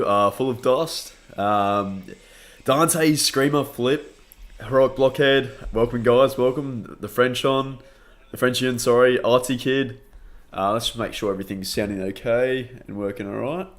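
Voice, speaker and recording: A young Australian man chatting upbeat on a late-night live stream, greeting viewers by name and laughing often, a bit tired. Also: medium pitch. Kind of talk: casual live stream chat.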